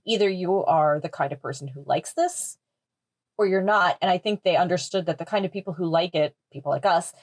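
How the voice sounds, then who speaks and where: A woman's voice: fairly low pitch, brisk, no echo. A woman co-hosting a podcast, talking through a horror film in a thoughtful, analytical way. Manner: thoughtful, analytical, laughs easily. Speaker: podcast co-host. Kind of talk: casual film discussion.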